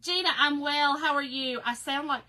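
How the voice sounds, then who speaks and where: A woman's voice: high voice, moderate pace, pushed and bright. A woman with a slightly nasal voice, chatting casually on a craft livestream and greeting viewers. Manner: chatty, emotional, reads viewer comments aloud.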